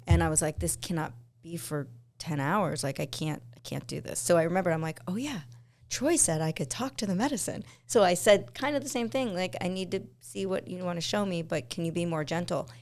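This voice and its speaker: A woman's voice: fairly low pitch, a little fast, darkish tone. A woman podcast host, talking in a chatty, supportive way and swapping her own experiences with her guest. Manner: chatty, supportive, frequent affirmations. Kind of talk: conversational interview.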